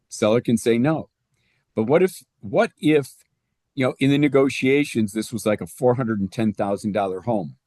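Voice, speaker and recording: A man's voice: mid-range voice, darkish tone, dry recording, clean studio sound. Man walking through loan numbers. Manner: conversational, walks through numbers step by step. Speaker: real estate presenter. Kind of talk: explaining loan math to realtors.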